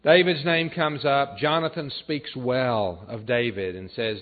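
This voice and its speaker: A man preaching a sermon, retelling a story in an earnest way and dropping his voice low and soft for emphasis. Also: steady tone, a little slow, few pauses. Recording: tinny phone-like sound.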